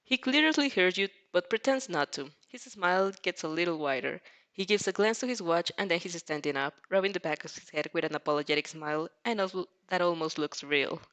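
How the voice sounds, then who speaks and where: A casual amateur reader narrating a fanfic aloud. The voice sits mid-range, and the reading stumbles and restarts now and then. The delivery is relaxed and conversational rather than polished. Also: mid-range voice, fairly quick. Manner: casual, stumbling over words, laughing reactions.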